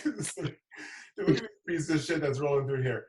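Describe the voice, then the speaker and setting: A man with a slightly high voice tells stories on a casual livestream, laughing through them and acting out the funny bits. He sits back from the mic in a roomy, echoing space. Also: normal speed, far from the mic, a little hiss or hum. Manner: laughs through his stories, animated retelling. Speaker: show host.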